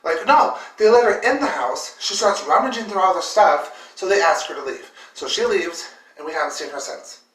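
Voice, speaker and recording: A woman's voice: lowish voice, expressive, moderate pace. A woman vlogger telling a personal story with emotion, full of fillers and repeated words. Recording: roomy echo, distant mic.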